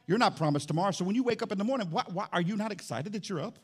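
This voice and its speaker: Animated male pastor preaching. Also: very fast, few pauses, breathy edge. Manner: animated, shouts and drops low, playful asides. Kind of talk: sermon. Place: church sanctuary.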